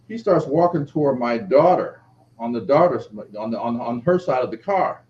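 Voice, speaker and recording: A middle-aged man, an author being interviewed, telling a personal story and acting out the quoted voices. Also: moderate pace. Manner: lively, acts out quoted speech with shifting pitch. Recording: dull lo-fi audio with faint background noise.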